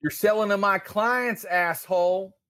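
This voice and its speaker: A man's voice: a little high, lively intonation, measured pace. A man voicing a menacing young male drug dealer who threatens with a gun. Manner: sneering, smooth-talking threats.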